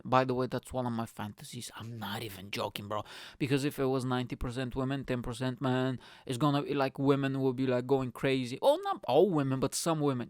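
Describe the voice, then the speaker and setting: A man's voice: mid-range voice, clear, resonant tone, dry recording, clean studio sound. A man hosting his comedy podcast, ranting energetically and crudely with lots of restarts.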